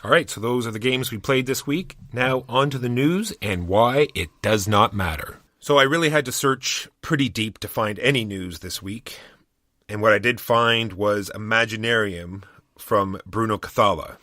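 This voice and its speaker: An easygoing man co-hosting a board game podcast, joking around with loose, casual phrasing. His voice sits on the low side but sounds bright and clear, recorded dry on a close mic. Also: moderate pace, no room sound. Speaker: podcast co-host.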